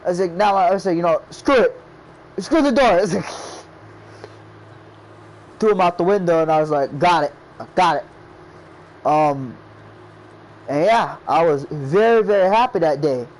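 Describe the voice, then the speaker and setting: A man who made a game recounts the process in a casual, rambling way, quoting friends' reactions over and over and repeating "I was like." He speaks at a moderate pace in a slightly high voice, with long pauses, on poor audio.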